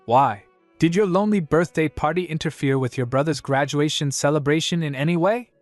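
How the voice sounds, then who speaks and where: A man's voice: on the high side, a little fast, dry recording, faint music behind, pitched above the performer's own voice, close to an everyday voice. A man voicing a blunt but kind young duke in a storybook recap, speaking in a straightforward, reassuring way. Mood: questioning.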